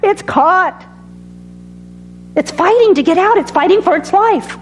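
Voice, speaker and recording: A panicked sheep caught in a thicket, as a woman acts it out, crying and bleating in a high, frantic voice. It cries out that it is caught and fighting for its life. Faint music plays quietly behind it. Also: expressive, measured pace.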